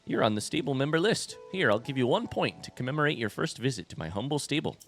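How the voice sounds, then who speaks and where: A man's voice: mid-range voice, expressive, fast, fairly bright tone, faint music behind, natural voice. A man voicing a chatty, friendly male stable keeper from a video game, reading his lines in a vague put-on accent. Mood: folksy.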